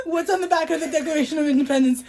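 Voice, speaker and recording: A woman with a bright, high voice co-hosts a casual podcast. She talks in a sarcastic, joking way, laughs often, and reads book passages aloud with mock drama. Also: very fast, background noise. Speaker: podcast co-host. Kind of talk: casual chat.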